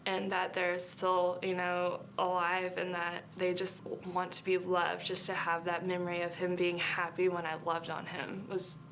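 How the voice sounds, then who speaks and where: A woman softly recalling a mission trip in a halting, reflective testimony. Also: fairly low pitch, completely flat delivery, slight background noise. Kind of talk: personal testimony.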